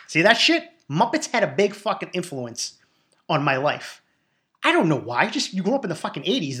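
Fast-talking profane man. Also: mid-range voice, a bit bright. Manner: profane, rambling, hyped-up. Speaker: podcast host. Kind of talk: solo casual monologue.

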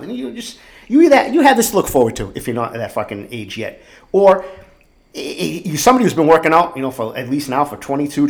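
Podcast host, male, forties, casual solo monologue, blunt and profane, bursts of excitement. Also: mid-range voice. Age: 40s. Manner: candid, swearing often, animated outbursts.

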